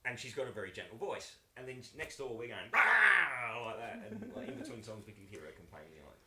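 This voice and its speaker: A man's voice: on the low side, sing-song, fast talker, echoey room, over a noisy crowd. A man from a band chatting casually and telling laughing anecdotes. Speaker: band member guest. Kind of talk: casual chat.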